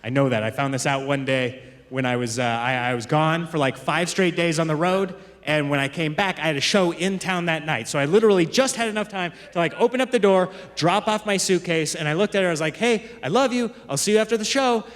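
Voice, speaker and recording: A male stand-up comedian telling stories to a live crowd, with quick asides to the audience, on a handheld stage mic. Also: fairly high pitch. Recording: live stage mic with long hall reverb and crowd laughter.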